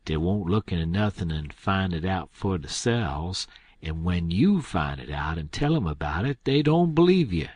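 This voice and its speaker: A man's voice: low voice, expressive, moderate pace, darkish tone, husky, dry recording. A man voicing a frightened, superstitious farmhand who pleads in rambling dialect speech. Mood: fearful pleading.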